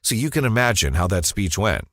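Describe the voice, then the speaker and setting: A man with a low voice narrates a scripted first-person ad story in a dramatic, confessional way. His pitch moves expressively up and down, and the voice sounds close and dry with no room around it. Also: sing-song, brisk, fairly bright tone, dry recording.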